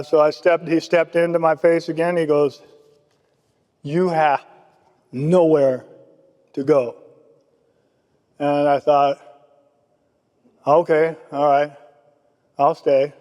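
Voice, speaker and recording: A man speaks at a recovery meeting and tells his story in a casual, loose way, slipping into the voices of the people he quotes. His voice sits high for a man. The sound carries a long reverb, as if from a large hall. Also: darkish tone. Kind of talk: personal testimony.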